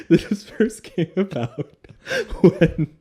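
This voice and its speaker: A man's voice: a little high, animated, very slow, mellow. A Canadian man, the game master hosting the show, talking casually in a chatty, rambling way with frequent laughter. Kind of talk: casual chat.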